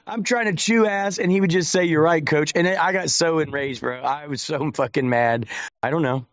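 A man's voice: fairly high pitch, steady tone, moderate pace, no room sound. A man telling stories bluntly and profanely in casual podcast talk, on a dull lo-fi recording. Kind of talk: casual chat.

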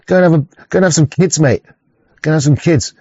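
A man's voice: a little high, quick pace, warm tone, slightly rough, no echo. A man in a profane, rambling monologue, full of stumbles and restarts. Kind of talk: ranting casual monologue. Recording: dull lo-fi sound.

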